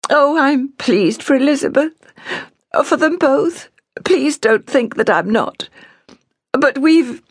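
A woman voicing an anxious, gentle young woman who speaks in a fretful, pleading way. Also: mid-range voice, lively intonation, moderate pace, vocal fry, breathy edge, no echo, studio quality, voice pushed up. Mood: tearful.

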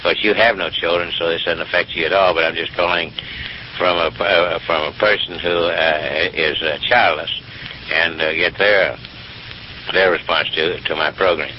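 A man impersonating a rambling Texan billionaire politician who leaves a long, halting phone message. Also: low voice, fairly even intonation, slight background noise, natural voice. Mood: pompous. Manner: rambling, full of uh's and restarts. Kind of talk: crank call on an answering machine. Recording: dull lo-fi answering machine tape.

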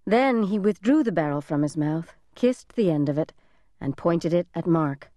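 A woman narrating a thriller audiobook in an even, measured storytelling manner. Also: fairly low pitch, dry recording.

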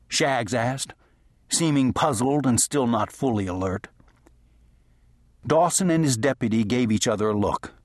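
Male narrator for a western audiobook; husky, dry close read. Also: mid-range voice, expressive, moderate pace, no echo. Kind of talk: scripted narration.

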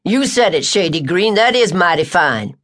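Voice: medium pitch, animated, normal speed, a bit bright, lightly acted. A woman voicing August, a brash, joking teenage boy, in an audiobook.

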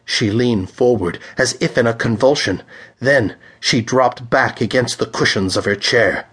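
A man narrating a pulp thriller audiobook in a measured, dramatic reading style. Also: mid-range voice, a bit bright, breathy edge.

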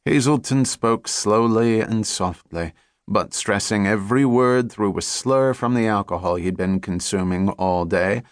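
Male audiobook narrator, low voice, dry studio sound, measured thriller read. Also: no room sound.

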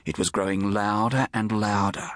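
A man, the author, narrating his own children's audiobook in a lively, expressive storytelling manner. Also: fairly low pitch, moderate pace, no room sound.

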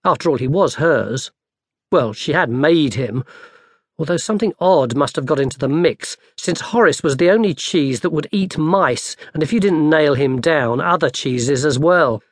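Lively man narrating a storybook. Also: on the high side, moderate pace, no echo. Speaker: audiobook narrator. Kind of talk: scripted narration.

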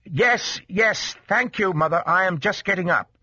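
Whining strained young man done by a man, high-pitched, husky, dull dry audiobook sound. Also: unhurried, pushed and bright, no room sound, heavily acted.

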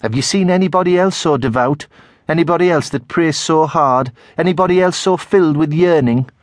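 A man's voice: on the high side, a little fast, dry recording, studio quality, pitched above the performer's own voice, lightly acted. A male audiobook narrator voicing a stern, devout mother with a Tyneside accent who scolds her son. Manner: scolding, pious. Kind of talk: audiobook character voice.

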